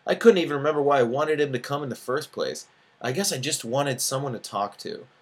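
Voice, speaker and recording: A man in his thirties reads his own fiction aloud at a mid-range pitch. Between passages he drops into loose, casual asides, full of fillers. His delivery is unpolished and personal. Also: lively intonation, fairly quick. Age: 30s. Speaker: author.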